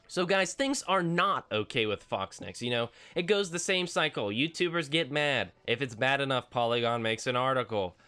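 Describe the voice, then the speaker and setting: A man's voice: fairly high pitch, sharp tone. A teenage boy ranting as a gaming YouTuber, exasperated and sarcastic, rambling with restarts. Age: teens. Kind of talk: ranting vlog commentary.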